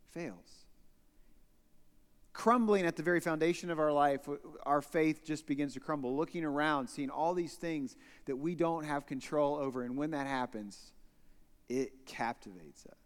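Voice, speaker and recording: A male pastor giving a sermon in a conversational preaching manner, swinging between loud emphasis and quiet drops. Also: medium pitch, clear, resonant tone. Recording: long hall reverb.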